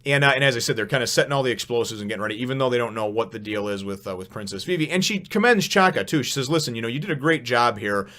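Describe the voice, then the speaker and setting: A man's voice: mid-range voice, animated, very fast, hardly any pauses, pushed and bright. A man casually reviewing a comic chapter, rambling with many fillers and frequent chuckles. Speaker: manga review host.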